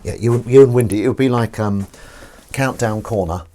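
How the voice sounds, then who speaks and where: A man's voice: medium pitch, normal speed, dark tone, a little hiss or hum. A man hosting a casual livestream while washing up, punning and mocking himself as he chats to viewers. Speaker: livestream host. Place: home kitchen.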